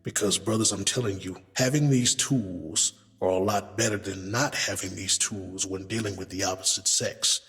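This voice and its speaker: A man's voice: low-pitched, moderate pace, hardly any pauses, fairly bright tone, long reverb tail, soft background music. A man talking casually and emphatically as a relationship advice vlogger, addressing listeners as brothers and swearing freely. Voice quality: profanity-laced, emphatic. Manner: conversational, acts out quotes, addresses men as brothers.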